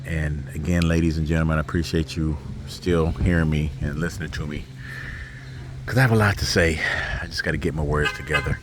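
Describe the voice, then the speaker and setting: Deep-voiced man vlogging while walking outside. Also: fairly even intonation, background noise. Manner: reflective, halting, emotional. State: tearful. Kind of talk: casual personal vlog. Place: outdoors walking in a neighborhood. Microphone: handheld camera.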